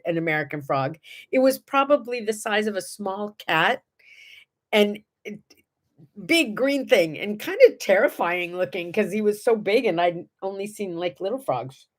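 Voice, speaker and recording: A middle-aged woman hosting a casual morning chat, telling stories and acting out the people she quotes. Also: mid-range voice. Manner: chatty storyteller, acts out quotes. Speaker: host.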